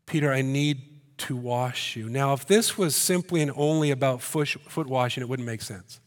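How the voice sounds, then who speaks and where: A man delivering a sermon as a pastor. He speaks in an animated way, mixes in joking asides, and pushes his voice up in pitch and volume to make a point. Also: normal speed. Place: church hall. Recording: long hall reverb.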